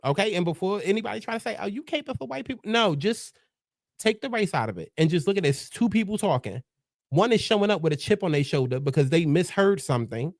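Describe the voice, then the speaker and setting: A man's voice: high voice, expressive, fast talker, no echo, studio quality. A man hosting blunt, profane, sassy pop culture commentary. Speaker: host.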